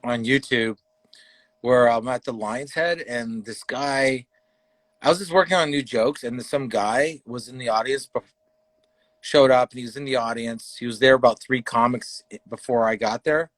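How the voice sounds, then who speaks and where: A man's voice: medium pitch, moderate pace, a bit bright, no echo. A man from Canada, a comedian guest, telling a rambling, profane story in casual chat and acting out the quotes heatedly. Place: livestream talk show.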